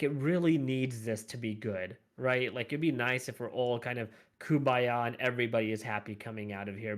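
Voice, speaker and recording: A man co-hosting a podcast in an enthusiastic casual chat. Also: mid-range voice. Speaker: podcast co-host.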